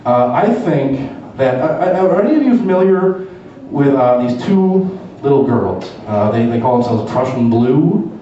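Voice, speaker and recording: A man's voice: medium pitch, sing-song, a little slow, dark tone, slight background noise. Profane male comedian in an echoey club. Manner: profane storytelling. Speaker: stand-up comedian. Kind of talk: stand-up routine. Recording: echoey, dull live club from far.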